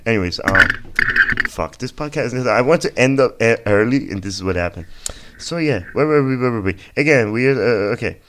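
A man's voice: medium pitch, lively intonation, moderate pace, fairly bright tone, slight background noise. A man hosting a podcast, reading a listener's story aloud and breaking in with crude jokes and frequent laughter. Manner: laughs often, crude and joking asides. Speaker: podcast host. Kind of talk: casual comedic story reading.

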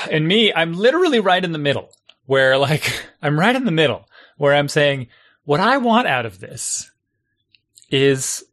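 A middle-aged man at an ordinary, middling pitch rambles through casual talk about coaching a youth team. He talks in an animated way and slips into the voices of the people he quotes. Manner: rambling, animated, acts out other people's remarks. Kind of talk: casual conversation.

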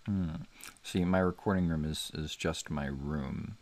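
A man hosting a podcast in casual chat from his bedroom, often mumbling and trailing off softly. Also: extremely low pitch, measured pace. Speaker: podcast host. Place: bedroom at home.

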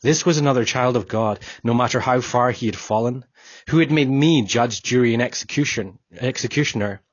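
A man reads an audiobook in a solemn, measured first person. His voice is husky and sits at an average pitch. The recording is dull and lo-fi, with a dry sound. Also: dry recording. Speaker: audiobook narrator. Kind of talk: scripted narration.

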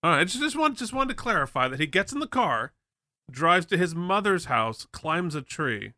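A man's voice: high-pitched, sing-song, moderate pace, sharp tone, no echo, clean studio sound. A man co-hosting a podcast in casual chat, joking around and mimicking voices. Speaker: podcast co-host.

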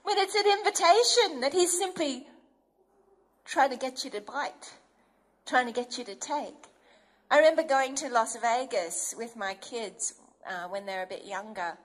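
A woman's voice: high-pitched, a little slow. A woman preacher giving an earnest, emphatic sermon and acting out inner voices as she goes.

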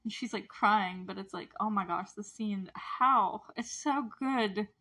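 A woman's voice: mid-range voice, measured pace, pushed and bright. A woman giving a casual, chatty recap of a TV episode, gushing and rambling with fillers and frequent laughter.

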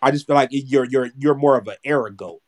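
A man's voice: medium pitch, quick pace. Guy in his 20s rambling on a podcast, repeats himself, swears a lot. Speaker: podcast co-host. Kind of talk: casual chat.

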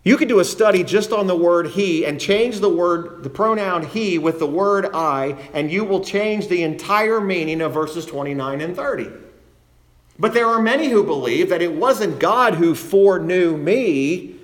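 A man delivers a sermon from the pulpit in an earnest teaching manner. His voice sits a little higher than most men's. He often repeats a phrase to drive the point home. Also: animated, unhurried. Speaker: preacher.

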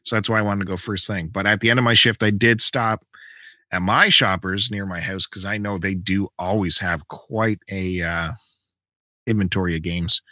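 In a dry, clean studio recording, a podcast host with a low-sitting voice talks at normal speed. He tells a story in a relaxed, chatty way, getting animated as he plays the characters.

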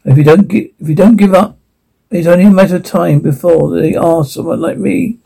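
A gruff, gravelly tough guy. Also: fairly high pitch, brisk, mellow, low-quality recording. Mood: irritated. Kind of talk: TV drama dialogue.

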